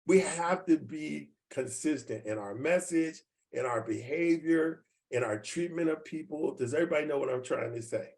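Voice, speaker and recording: Man, 70s, trainer, folksy, repeats himself, quizzes the audience, fairly high voice, video call. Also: moderate pace, hardly any pauses, darkish tone. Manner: folksy, repeats points, asks the audience questions. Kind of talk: team training talk.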